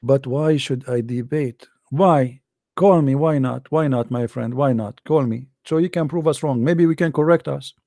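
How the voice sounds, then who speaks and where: A man's voice: medium pitch, moderate pace, creaky, mellow, no room sound, studio quality. A man giving a scornful, emphatic commentary monologue in non-native English phrasing, repeating phrases and laughing often. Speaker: online religious debater.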